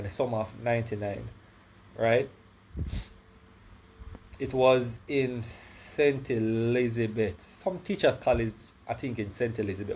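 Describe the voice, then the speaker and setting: A man's voice: mid-range voice, a little mellow, slight background noise. A Jamaican man with a slight lisp tells a personal story in a casual vlog. He rambles, corrects himself and keeps adding "right?". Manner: rambling, self-correcting, many "right?" tags. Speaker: vlogger.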